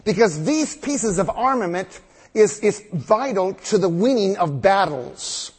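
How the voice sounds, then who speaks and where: A man preaching a sermon, reading scripture aloud and then explaining it slowly with emphatic repetition. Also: sits high, big pitch swings, slightly rough. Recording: long reverb of a large hall.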